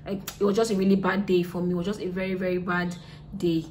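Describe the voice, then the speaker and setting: A young woman with a Nigerian accent telling a storytime vlog, chatty, repeating herself and drifting soft and subdued. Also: lowish voice, level tone, fast, slight background noise. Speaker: vlogger.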